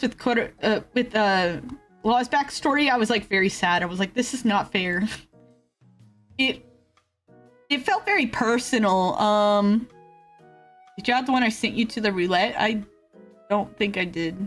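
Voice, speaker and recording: A woman streamer chatting casually with viewers, rambling with fillers and laughs and swinging between excited yelps and low grumbles. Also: a little slow, long pauses. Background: faint background music.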